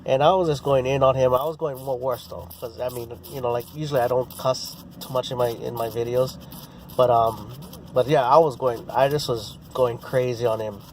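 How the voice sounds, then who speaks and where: A man's voice: mid-range voice, fairly even intonation, normal speed, a little mellow, a little hiss or hum. A man telling a rambling story in casual vlog style, with many restarts and fillers. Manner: rambling, full of restarts and "you know, bro". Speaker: sports vlogger.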